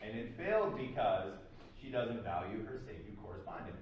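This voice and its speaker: A man's voice: fairly low pitch, very animated, moderate pace, lo-fi sound. Male lecturer, casual and rambling, recorded far off in an echoey room with faint hiss. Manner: loose, filler-heavy explaining. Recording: very echoey room, mic at a distance.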